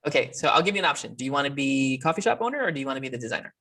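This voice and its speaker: Male instructor, mid-pitched, halting, filler-heavy, video call class. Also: big pitch swings, pushed and bright. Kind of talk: live online class.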